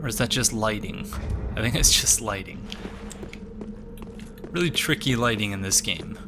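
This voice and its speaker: A man chatting excitedly while playing a game, thinking aloud. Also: fairly low pitch, moderate pace, over music. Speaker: game player. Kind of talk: let's play commentary.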